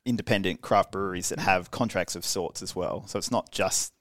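A man's voice: low voice, brisk, fairly bright tone, no room sound, studio quality. A man co-hosting a casual podcast, easygoing and matter-of-fact. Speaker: podcast co-host.

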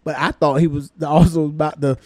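A man co-hosting a comedy podcast as a former cop, telling stories in a profane, animated way. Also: fairly high pitch, fairly quick, a crowd in the background. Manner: profane, storytelling, acts out quoted lines. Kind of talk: casual comedic chat.

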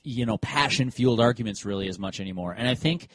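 A man's voice: medium pitch, fast, no echo. A man co-hosting a sports podcast in casual chat, telling stories and acting out what players and umpires said. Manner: animated storyteller who acts out quotes. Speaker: podcast co-host.

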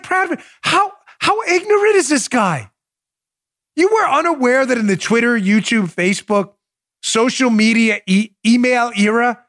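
A man with a very high, fairly bright voice hosts a political talk show. He delivers emphatic, opinionated commentary packed with rhetorical questions, calls his audience "folks," appeals to them directly, and often restarts his sentences.

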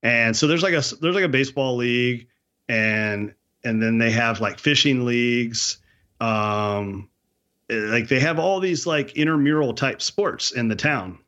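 A man in casual chat, telling a hunting story in an animated, slangy way. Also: medium pitch, measured pace, lo-fi sound.

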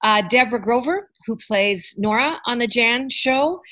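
A woman's voice: sits high, unhurried, fairly bright tone. A woman hosting an interview podcast, chatty and self-deprecating, joking as she goes. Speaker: podcast host. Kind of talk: casual interview chat.

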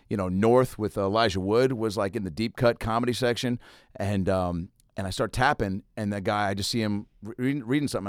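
A man chatting casually as a podcast host, telling animated stories and acting out the people in them. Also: on the low side, clear, resonant tone, no echo, clean studio sound. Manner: animated storyteller, acts out people. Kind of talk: casual storytelling chat.

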